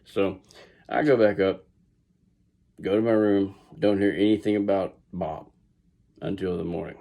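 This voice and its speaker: A man's voice: fairly low pitch, warm tone. A middle-aged man with a Southern US accent tells a story casually, rambling with restarts and asides. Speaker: vlogger.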